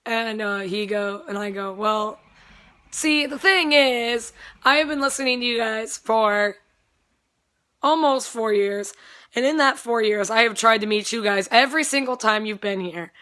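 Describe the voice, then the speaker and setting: Bright-voiced excitable young woman vlogger. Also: fairly high pitch, unhurried. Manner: excitable, rambling, swears freely. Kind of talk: casual chat.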